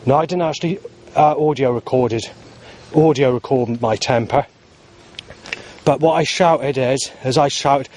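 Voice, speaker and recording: A man's voice: mid-range voice, a little slow, pauses often, darkish tone, slight background noise. A man talking to camera outdoors in a rambling, agitated vlog monologue, full of fillers and restarts. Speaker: vlogger. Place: outdoors in the heat.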